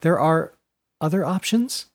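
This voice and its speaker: A man's voice: a little high, lively intonation, unhurried, voice pushed up. A man voicing a reserved young noblewoman from the country, speaking formally and politely. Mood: hopeful.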